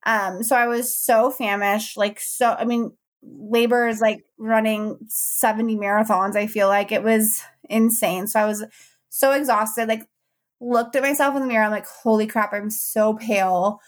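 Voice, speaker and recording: A young woman chatting into a podcast mic with a slightly high voice. She tells a story casually, animated and laughing often, acting out what everyone said. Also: normal speed. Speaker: podcast host telling her birth story.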